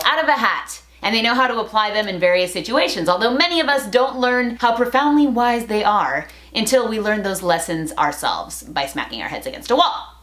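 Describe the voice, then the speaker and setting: A young woman vlogging to camera in a chatty, playful and expressive way. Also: on the high side. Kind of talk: casual talk to camera. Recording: roomy echo.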